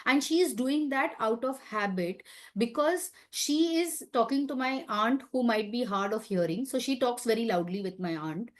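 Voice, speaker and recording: Lady teaching a group, talks emphatic and chatty, asks lots of questions, bit high voice. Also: animated, normal speed. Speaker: wellness talk speaker. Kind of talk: light-hearted teaching talk.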